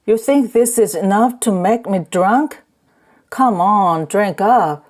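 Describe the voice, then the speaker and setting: A woman's voice: medium pitch, takes it slowly, darkish tone, natural voice. A woman reading an audiobook, voicing a drunk middle-aged rickshaw man who bellows and blusters between rage and grief. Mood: drunken rage.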